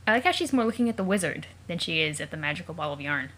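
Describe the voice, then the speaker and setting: A woman's voice: deep voice, expressive, very fast, fairly bright tone. Chatty woman reading aloud with jokes. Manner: chatty, joking asides, wondering aloud. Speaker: let's play host. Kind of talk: casual read-aloud with commentary.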